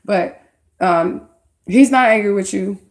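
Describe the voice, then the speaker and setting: A woman reads tarot on a live stream in an easygoing way, talking slowly at a medium pitch. She speaks straight to her viewers, chatty and slangy.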